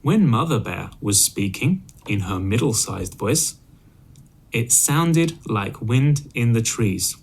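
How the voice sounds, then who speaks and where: A man reading a children's story aloud, clearly and expressively, for English learners. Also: mid-range voice.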